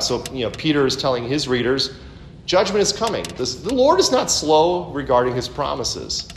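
Delivering a conversational expository sermon, a man peppers his talk with asides and rhetorical questions. His pitch swings widely at a moderate pace, and the recording has an echoey room and faint background rumble.

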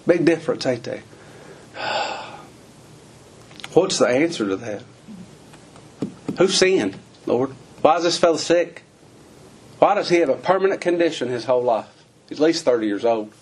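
Husky folksy man preaching. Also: a little high, lively intonation, normal speed, long pauses. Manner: folksy, questioning, with rural American phrasing. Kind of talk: sermon.

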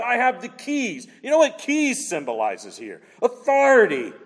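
A man preaching a sermon, swinging between loud emphatic lines and hushed asides. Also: very high-pitched, huge pitch swings, a little slow, few pauses, in a large hall.

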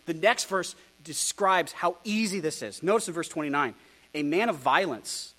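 Animated preacher man with a lively voice. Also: on the high side, moderate pace. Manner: animated, rhetorical, with ironic asides. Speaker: pastor. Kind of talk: expository sermon.

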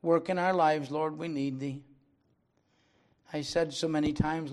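An older man preaching a sermon, speaking slowly and earnestly, then leading a prayer. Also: on the high side, fairly even intonation. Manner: slow and earnest, rising to loud dramatic recitation. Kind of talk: sermon closing with a recited poem and prayer.

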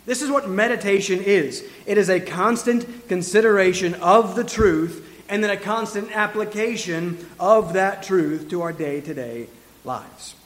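High-voiced pastor preaching in a reverberant hall. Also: male voice. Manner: earnest, exhorting, with quick asides and restarts. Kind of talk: sermon.

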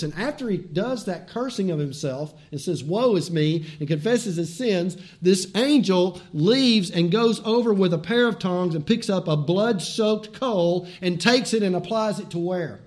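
A man preaching a sermon as pastor, swinging from loud, emphatic repeated words to hushed, folksy asides and direct questions to the listeners. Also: high-pitched, expressive, measured pace, few pauses.

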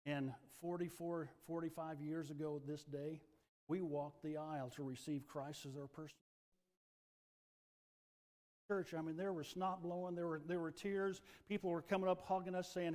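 A middle-aged male pastor delivers a fervent sermon in a slightly high voice. He swings between hushed, quiet lines and loud, rising passages. A long reverb from the church sanctuary trails after his words. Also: steady tone, normal speed.

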